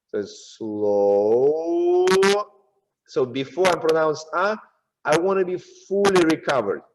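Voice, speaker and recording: A man's voice: on the high side, lively intonation, moderate pace, noisy background. A man with a Russian accent teaching a dance masterclass, counting and chanting the rhythm as he demonstrates. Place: dance studio. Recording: roomy, distant, dull studio sound.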